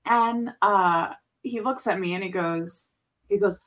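A woman speaks as a guest in a relaxed podcast conversation. Her voice sits a little low, and she tells her story earnestly, often restarting sentences and repeating words as she goes. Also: moderate pace, rough recording. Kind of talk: casual interview conversation.

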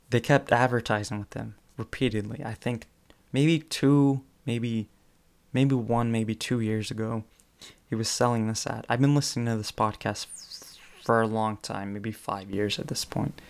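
A man with a low, gravelly voice recounts funny anecdotes in a loose, casual way. He leans on fillers and chuckles as he goes, and his delivery stays fairly flat. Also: a little slow. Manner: chatty retelling with fillers, chuckles between phrases. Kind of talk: casual spoken presentation.

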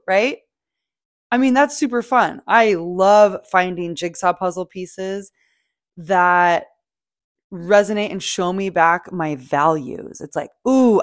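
A woman hosting a podcast, talking in a casual, animated motivational monologue, swearing freely and acting out feelings. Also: mid-range voice, dry recording, clean studio sound. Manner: animated, swearing, playful, acts out quoted feelings. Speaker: podcast host.

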